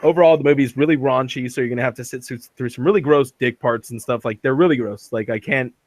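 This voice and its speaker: A man's voice: mid-range voice, fast, darkish tone, dry recording. A man hosting a podcast, reviewing a movie in casual chat and often laughing as he acts out scenes. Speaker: podcast host.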